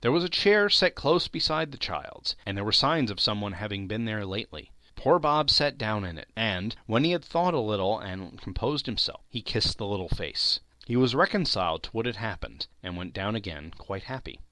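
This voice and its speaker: A man reading a classic novel aloud as an audiobook narrator, expressive and shifting his voice for the characters in quotes. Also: fairly low pitch, normal speed, hardly any pauses, no echo. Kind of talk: scripted narration.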